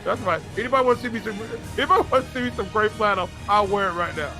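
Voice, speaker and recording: A man's voice: sits high, racing, pushed and bright, soft background music. A man co-hosting a sports podcast, teasing his partner and rambling through a funny story. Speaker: podcast co-host. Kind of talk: casual sports podcast banter.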